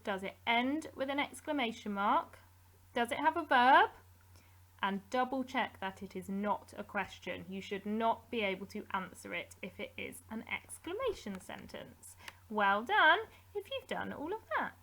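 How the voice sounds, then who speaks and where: An English woman, a primary school teacher, giving a recorded grammar lesson to young children in a slow, clear, patient way. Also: medium pitch, animated, a bit bright. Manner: slow, clear, patient explaining with drawn-out example words.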